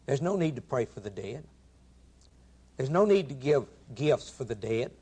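A man's voice: mid-range voice, very animated, moderate pace, mellow, slightly rough. A man preaching a sermon, earnest and emphatic, quoting scripture in old-fashioned wording and putting questions straight to his listeners. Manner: direct address to listeners with rhetorical questions.

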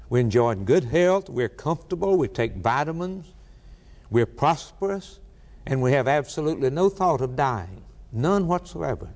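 A middle-aged man preaching a sermon, emphatic, repeating key words and pausing for effect. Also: medium pitch, darkish tone. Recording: long reverberant hall.

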